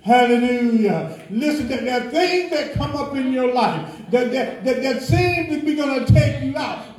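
High-pitched guy praying slow and fervent in a church, shouting praises, big echo. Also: expressive. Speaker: prayer leader in church. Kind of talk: fervent spoken prayer. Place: church sanctuary. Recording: echoey church sanctuary.

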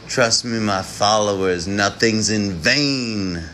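A man with a lowish voice drawls through a late-night live stream, spinning loose improvised rhymes and preaching at his listeners. His delivery is unhurried and rambling, and a faint air-conditioning hum sits under it. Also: a bit bright.

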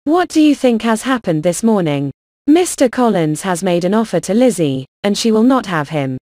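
A woman's voice: mid-range voice, sing-song, moderate pace, mellow, no room sound, studio quality, lightly acted. Giddy gossipy teen girl, woman reader doing her, eager half whisper, storybook reading. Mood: gleeful. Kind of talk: audiobook character reading.

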